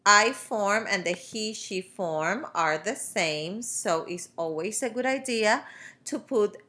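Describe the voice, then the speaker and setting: Over a screen recording, a female Spanish teacher walks through a grammar lesson step by step, filling gaps patiently. Her voice is mid-range, bright and forceful, and she speaks slowly.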